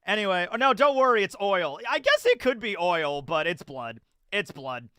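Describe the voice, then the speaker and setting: A man with a high, very animated voice reacts live as a channel host, rambling and catching himself mid-thought. His tone is bright and clean, and the sound is dry and close. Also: normal speed, smooth, no room sound. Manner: rambling, self-correcting, bursts into acted character lines. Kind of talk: live manga chapter reaction.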